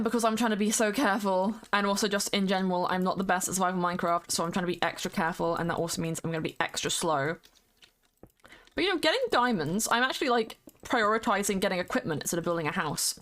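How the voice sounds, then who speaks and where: A woman's voice: lowish voice, fairly bright tone. A woman with a British accent chatting casually while streaming a game, playful and rambling, now and then singing along. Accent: British English. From United Kingdom. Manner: chatty and playful, sings along, slips into silly voices. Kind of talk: casual chat while gaming.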